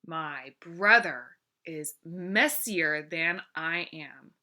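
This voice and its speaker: A woman teaching a grammar lesson, speaking clearly and encouragingly and drawing out each example word. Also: deep voice, very slow, sharp tone.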